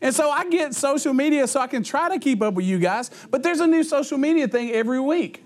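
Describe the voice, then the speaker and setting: Speaking fast at an extremely high pitch, a middle-aged man who works as a youth pastor entertains teens with humorous stories. He acts out quotes with animation and keeps laughing partway through sentences.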